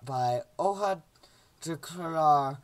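A man's voice: fairly high pitch, very slow. A young man casually commentating a game he plays at home, joking around and doing silly voices for the characters. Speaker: gameplay commentator.

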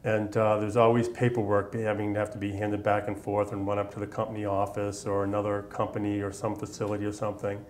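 A man's voice: fairly low pitch, monotone, fast talker, few pauses, darkish tone, slight background noise. Talkative veteran man from Massachusetts. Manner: conversational, rambling with many fillers. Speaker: veteran interviewee. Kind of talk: oral history interview.

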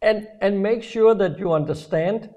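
A man's voice: high voice, dark tone. A man co-hosting a business webinar over a video call, talking with many restarts and fillers. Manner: halting, many restarts, laughs easily. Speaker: webinar co-host.

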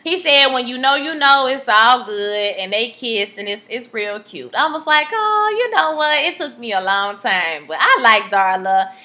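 Sassy lady chatting her show recap, high and bright. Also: very animated, normal speed, few pauses. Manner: chatty, sassy, talks to viewers directly. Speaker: TV recap vlogger. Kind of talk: casual chat.

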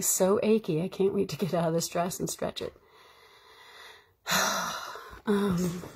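With a husky, mid-range voice, this actor chats casually during a live stream. Her talk wanders warmly and sincerely, thick with fillers and punctuated by bursts of laughter.

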